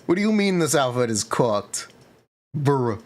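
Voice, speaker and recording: Man live-streaming, laid-back, unhurried, lively ups and downs. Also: mid-range voice. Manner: laid-back, reacts to chat, talks to viewers. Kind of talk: casual live-stream chat.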